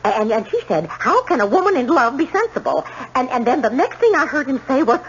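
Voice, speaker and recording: A jittery witness on the stand, stumbling over her words in a high voice that leaps up and down. It is an old 1970s radio drama, and the broadcast recording sounds dull and lo-fi. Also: very animated, brisk, a little hiss or hum. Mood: nervous. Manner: stammering, hesitant. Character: nervous young woman witness on the stand.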